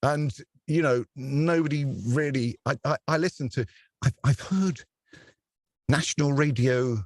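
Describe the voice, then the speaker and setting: A male radio presenter rambles happily through anecdotes, laughing often and slipping into little put-on voices. His pitch sits in the ordinary middle for a man. The sound is close and dry, with almost no room. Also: fairly even intonation, moderate pace, no room sound. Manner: chatty storyteller who laughs often and acts out voices. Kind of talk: relaxed anecdotal interview chat.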